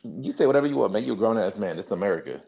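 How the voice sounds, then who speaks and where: A man's voice: lowish voice, animated, racing, creaky, darkish tone. A man speaking bluntly and profanely as a friend on a call. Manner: blunt, profane, laid-back.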